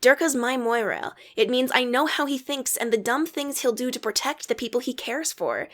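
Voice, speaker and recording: A woman voicing a gentle, affectionate, motherly woman in a fan story reading. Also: high voice, moderate pace. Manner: gentle, coaxing.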